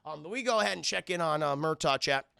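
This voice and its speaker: Gravelly high-voiced man recapping a film. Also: lively intonation, fast, bright, forceful tone, no echo. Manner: profane, keeps addressing the chat, acts out movie lines. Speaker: film reviewer and streamer. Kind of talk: casual scene-by-scene film recap.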